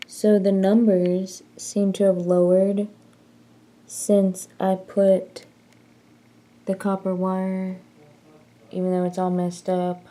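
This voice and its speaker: Slow-talking woman vlogging, casual and rambling. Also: lowish voice, mellow. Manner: rambling and self-mocking, jokey. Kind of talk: casual chat.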